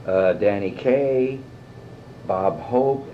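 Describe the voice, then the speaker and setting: Low-voiced older man telling stories. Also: drawn-out words. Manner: lively storyteller, mimics others, swears freely. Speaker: guest actor. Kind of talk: anecdotal interview. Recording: dull lo-fi tape with faint hiss.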